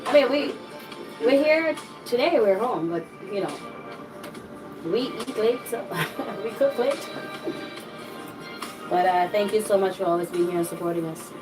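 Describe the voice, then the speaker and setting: A woman's voice: medium pitch, lively intonation, unhurried, pauses often, far from the mic, music in the background, poor audio. A woman co-hosting a home cooking channel, chatting while eating and thanking viewers, her voice still a bit worn out from being unwell. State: voice still not fully recovered. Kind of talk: casual chat while eating.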